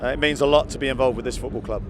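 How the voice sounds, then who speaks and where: A man speaking in a measured, reflective way about his club. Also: medium pitch, a crowd in the background. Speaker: football manager.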